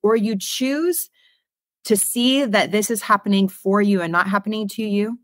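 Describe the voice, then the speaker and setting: A woman's voice: medium pitch, normal speed, no room sound, clean studio sound. A woman from Canada hosting a podcast, talking in an emphatic, motivational way and swearing casually. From Greater Toronto Area, Canada. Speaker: podcast host. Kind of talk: casual conversational interview.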